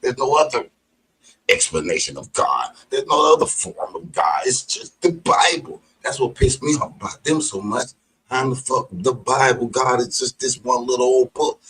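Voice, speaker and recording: A man in a heated, combative monologue, his voice husky and a little breathy. His pitch leaps and drops all over the place as he preaches and swears, and it spikes into sudden shouts. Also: low-quality recording.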